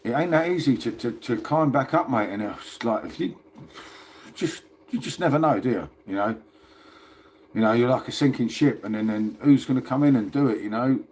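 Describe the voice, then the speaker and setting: Bloke rambling on a phone livestream, keeps saying mate, ordinary mid pitch. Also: male voice, normal speed, a little mellow. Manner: chatty and rambling, calls viewers "mate". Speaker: livestream host. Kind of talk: casual livestream chat.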